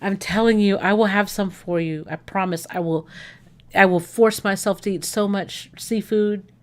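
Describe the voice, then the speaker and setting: A woman hosting a casual livestream, chatting excitedly. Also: mid-range voice, normal speed. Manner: excitable, gushing, talks to viewers. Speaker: livestream host.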